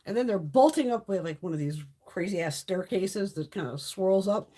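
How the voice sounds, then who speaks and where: A woman's voice: mid-range voice, moderate pace, dark tone. A middle-aged woman hosting a live stream, chatting casually and bluntly with lots of swearing while answering viewer comments. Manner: profane, blunt storytelling, reads chat comments. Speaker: livestream host.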